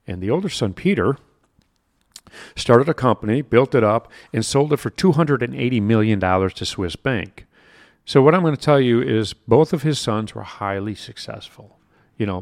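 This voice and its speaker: Low-voiced man telling his story. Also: no echo, studio quality. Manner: conversational, with frequent asides and restarts. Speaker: podcast host. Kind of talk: motivational storytelling monologue.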